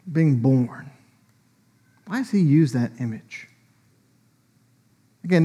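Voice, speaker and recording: A man preaching a sermon in a conversational, animated way, laughing often as he teaches. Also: medium pitch.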